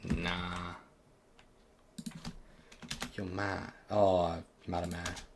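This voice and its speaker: Young British male co-host, low voice, laid-back banter, light background noise. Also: level tone, very slow, creaky. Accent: British English. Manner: laughing, self-mocking banter. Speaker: podcast co-host. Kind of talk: casual chat.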